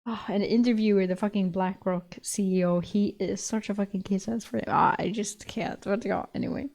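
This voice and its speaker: A woman's voice: mid-range voice, fairly even intonation, normal speed, creaky, a little mellow. A young woman streamer chatting casually with her viewers, laughing often and swearing casually.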